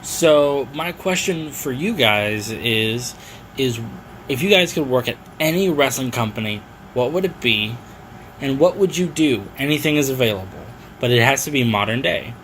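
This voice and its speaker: A man leaving a playful recorded question for a podcast, closing with a jokey sign-off. His pitch sits in an ordinary middle range. A faint hiss sits underneath. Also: lively intonation, moderate pace, fairly bright tone, rough recording. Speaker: caller leaving a voice message.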